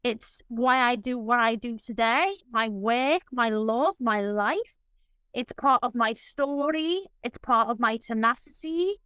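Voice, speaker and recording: A woman's voice: fairly high pitch, slow pace, pushed and bright, clean tone, dry recording, poor audio. A woman guest in an interview, talking in an effusive, openly emotional way. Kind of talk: casual interview chat.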